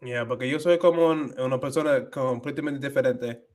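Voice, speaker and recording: A man's voice: mid-range voice, fast, a little mellow. A young American man whose first language is English, hosting a casual livestream and switching between English and Spanish with many fillers and restarts. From United States. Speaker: livestream host.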